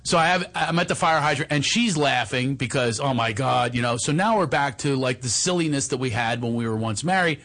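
A man's voice: medium pitch, fairly quick, few pauses, a bit bright. A man, a comedian, telling a personal story in a conversation, laughing often and acting out what others said. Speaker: comedian guest.

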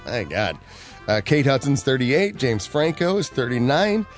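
A man's voice: mid-range voice, very animated, unhurried, faint music behind. Wry male radio show host. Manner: wry, reads celebrity birthdays with quips. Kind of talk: casual morning show banter.

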